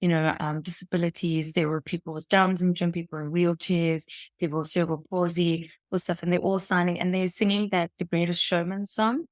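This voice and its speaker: Brief: woman, late 20s, host, chatty animated storyteller, lower pitch, dry close sound. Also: brisk, no echo. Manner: animated storytelling, laughs often. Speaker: podcast host. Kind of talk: casual chat.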